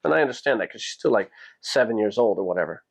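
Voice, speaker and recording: A man hosting a podcast, telling a personal story in a casual, animated way and jumping his pitch up when he quotes people. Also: fast, creaky, husky. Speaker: podcast host.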